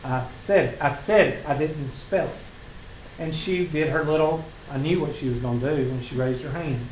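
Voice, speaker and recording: A Southern man lecturing a math class in a folksy, teasing way, his voice sitting a little high for a man. The room is echoey, with a faint hum of classroom ambience behind him. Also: moderate pace, darkish tone. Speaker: math instructor.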